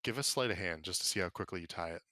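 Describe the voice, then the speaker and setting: Man, game master, fairly low voice, dry close sound, casual filler-heavy narration. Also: dry recording. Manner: relaxed, filler-heavy narration with quick voiced bits for side characters.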